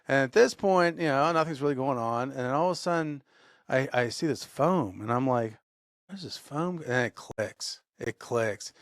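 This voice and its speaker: A man co-hosting a podcast, telling a workplace story in a lively way and acting out the shouting. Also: medium pitch, moderate pace, no room sound, studio quality. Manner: animated storyteller, acts out shouted quotes. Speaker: podcast co-host. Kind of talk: casual storytelling.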